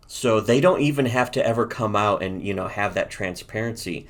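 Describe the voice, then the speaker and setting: A man's voice: on the low side, normal speed, hardly any pauses. A man co-hosting a casual comedy commentary show, rambling and profane, laughing as he reads comic lines aloud. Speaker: co-host.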